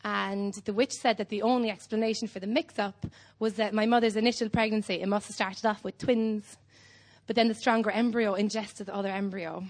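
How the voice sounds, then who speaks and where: A young Irish woman doing standup on a club stage, telling a whimsical, rambling story in a deadpan way, with lots of ums. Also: mid-range voice, brisk. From Ireland. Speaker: standup comedian. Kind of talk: live standup set.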